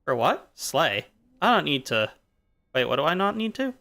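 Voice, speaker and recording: A man's voice: fairly high pitch, sing-song, moderate pace, pushed and bright. A male streamer chatting casually while playing a game, drifting playfully between jokes and musings. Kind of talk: casual rambling chat while gaming.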